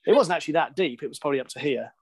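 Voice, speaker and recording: A man, a broadcaster and interview guest, tells a story in a lively, self-deprecating way and laughs often. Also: on the high side, rapid-fire, husky, no echo.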